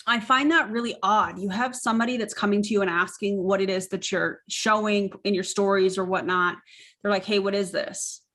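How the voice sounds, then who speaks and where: A woman's voice: mid-range voice, a bit bright. A woman hosting casual reaction commentary, skeptical and sarcastic in her asides. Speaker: commentary host.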